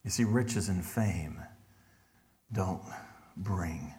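A middle-aged man preaching a sermon as pastor, in a conversational way that drops to hushed tones for emphasis. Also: deep voice, very slow.

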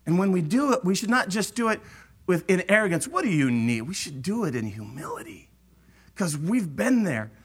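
A middle-aged man preaching a sermon, animated and acting out the voices of churchgoers. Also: high voice, normal speed, breathy edge.

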